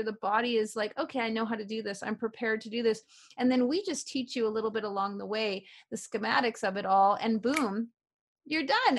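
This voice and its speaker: A middle-aged woman from Canada, a guest telling stories in a casual interview, upbeat and animated, repeating affirmations. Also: a little high. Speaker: guest, author and publisher.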